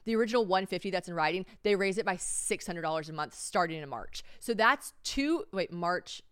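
A woman's voice: fairly low pitch, animated, fairly quick, fairly bright tone, smooth, dry recording, studio quality. A young woman hosting a podcast, telling a rambling story in casual chat and acting out the people she quotes. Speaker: podcast host.

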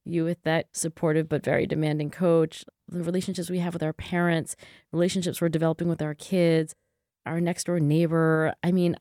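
A woman psychologist and author being interviewed, speaking in an earnest, thoughtful way with quick restarts. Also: low voice, warm tone, no echo, studio quality. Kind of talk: interview conversation.

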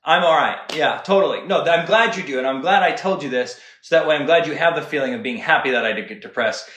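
A man talking as a podcast guest, earnest and animated, often checking in with "right?". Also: on the high side. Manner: earnest, animated, talks fast with many "right?" asides. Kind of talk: casual podcast chat. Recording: roomy echo.

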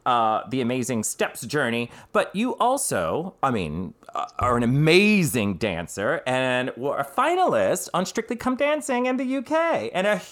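A brash man hosts a casual podcast chat, cracking profane jokes. His pitch swoops in a lively, animated way. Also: a little slow, hardly any pauses. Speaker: podcast host.

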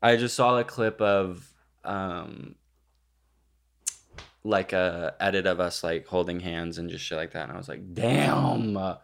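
A man's voice: deep voice, steady tone, a little slow, gravelly, long pauses, a bit bright. A young man co-hosting a podcast, joking bluntly and swearing in casual chat. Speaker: podcast co-host.

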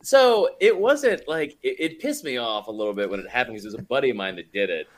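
A man's voice: mid-range voice, expressive, fast talker. Rambling, laughing male podcast guest. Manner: rambling, filler-heavy, laughs often. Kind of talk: casual chat.

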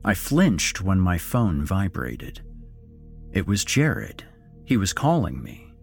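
A man's voice: sits low, huge pitch swings, takes it slowly, creaky, soft background music. A man narrating a first-person horror story in a shaken, subdued way.

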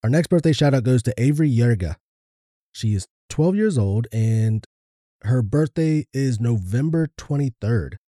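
A man co-hosting a podcast, reading birthday shout-outs in a low-key, flat delivery. His voice is very dark and mellow, recorded dry and close. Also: moderate pace, dry recording. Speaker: podcast co-host. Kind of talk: casual chat.

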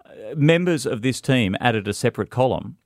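A man co-hosting a radio show, telling stories in jokey, animated banter. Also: mid-range voice, normal speed, no echo, studio quality. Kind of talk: casual banter.

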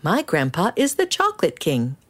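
Rich: A woman doing an excited small boy with a high, lively voice, eager and quick to stammer. It is a storybook character read aloud for children. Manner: eager, stammering when flustered. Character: excited young boy covered in chocolate.

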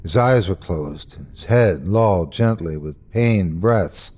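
Guy narrating creepy horror story, slow and dramatic, pitch all over. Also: expressive, darkish tone, husky. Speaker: host and narrator.

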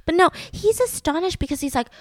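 A woman hosting a podcast, retelling a true-crime case in a chatty, animated way full of fillers at home. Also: very high-pitched, brisk, no room sound. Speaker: podcast host. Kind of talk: casual true-crime storytelling. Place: home room with her fiance.

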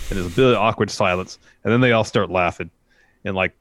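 Speaking fast in a low, slightly bright voice, a podcast co-host runs through a wrestling show play by play. His recap is casual chat packed with filler words.

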